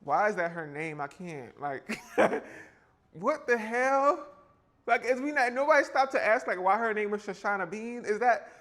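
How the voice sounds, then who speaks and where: Man, slightly high voice, playful and chatty, live baking stream from a home kitchen. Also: expressive, normal speed, hardly any pauses, fairly bright tone. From South Carolina, US. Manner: chatty, playful, reacts to chat with sassy exclamations. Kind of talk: casual live-stream chat while baking.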